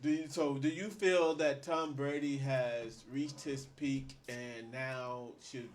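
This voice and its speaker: An easygoing man in a casual sports debate who speaks slowly and unhurriedly at a middling pitch. Faint background noise sits under his voice. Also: fairly even intonation. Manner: easygoing, agreeable, often backs the other speaker up.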